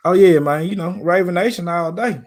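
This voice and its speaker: A man's voice: sits high, a little fast, a little hiss or hum. A man from Memphis with a Southern accent, hosting a casual live stream about football in a laid-back, slangy way. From Memphis, Tennessee.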